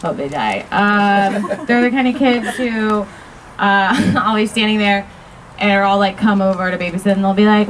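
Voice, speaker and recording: A woman's voice: mid-range voice, fairly quick. A woman in her thirties doing a stand-up set on a backyard stage, self-deprecating and crude, laughing through her own lines. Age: 30s. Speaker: stand-up comedian. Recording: crowd audible. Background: laughing crowd.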